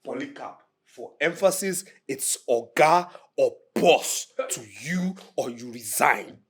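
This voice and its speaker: A bossy, pompous Nigerian caretaker. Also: male voice, medium pitch, big pitch swings, moderate pace, breathy edge. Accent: Nigerian English. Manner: bossy, shouting orders, pompous formal English. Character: bossy self-important male caretaker turned boss. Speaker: caretaker put in charge of the house. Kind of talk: film drama acting.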